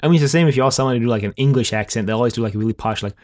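A man's voice: mid-range voice, rapid-fire, a little mellow. A man co-hosting a podcast, talking casually and thinking aloud with many fillers and restarts. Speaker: podcast co-host.

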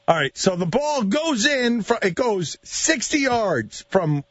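High-voiced, stammering male radio host. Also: sing-song, slow, fairly bright tone, no room sound. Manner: self-deprecating, stammering, laughs often. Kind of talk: casual radio banter. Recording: dull lo-fi radio broadcast, dry.

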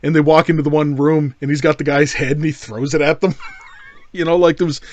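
A man's voice: fairly high pitch, steady tone, fairly quick, darkish tone. A man co-hosting a film podcast, laid-back and profane, laughing easily. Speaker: podcast co-host reviewing a film. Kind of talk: casual chat.

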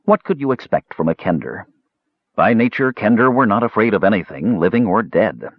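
A man narrating a fantasy story in an expressive, lively reading. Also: fairly low pitch, a little fast, slightly rough, no room sound. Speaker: audiobook narrator. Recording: dull lo-fi dry recording.

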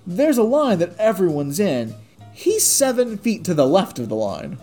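Podcast co-host, male, higher-pitched, ranting and swearing through an anecdote. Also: big pitch swings, normal speed, mellow, soft background music. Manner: profane, exasperated ranting storyteller. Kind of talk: casual storytelling chat.

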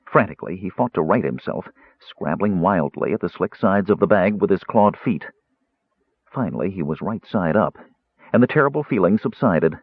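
Low husky guy reading a fantasy story out loud, lots of ups and downs, sounds like a phone line. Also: expressive, moderate pace, no room sound. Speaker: audiobook narrator. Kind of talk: storybook narration. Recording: tinny, phone-like, dry.

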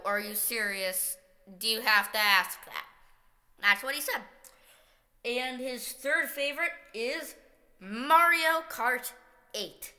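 A woman's voice: fairly high pitch, sharp tone. A woman hosting a casual video, chatty and upbeat as she ranks favorite games. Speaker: video host. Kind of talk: casual game-ranking vlog. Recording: echoey room with long reverb.

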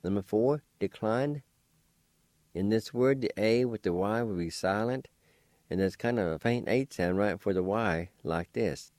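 A man hosting a radio language lesson, spelling out words syllable by syllable in a slow, deliberate way. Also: fairly low pitch, darkish tone, dry recording. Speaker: language teacher and radio host.

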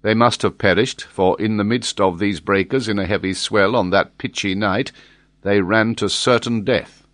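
A man reading an audiobook, voicing a decisive sea captain giving crisp, firm orders. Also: lowish voice, fairly even intonation, moderate pace, fairly bright tone, dry recording, lightly acted. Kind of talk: audiobook character voice.

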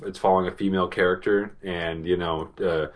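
A man with a very low voice and a Boston accent, chatting casually about a TV show with his podcast co-host. He talks haltingly, with lots of fillers and restarts along the way. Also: fairly even intonation. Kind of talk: casual TV review chat.

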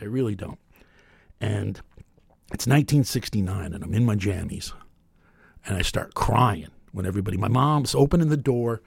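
Gravelly-voiced man telling a wry story. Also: lowish voice, moderate pace, long pauses, no echo. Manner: wry, rambling, deadpan nostalgic. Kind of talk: personal storytelling monologue.

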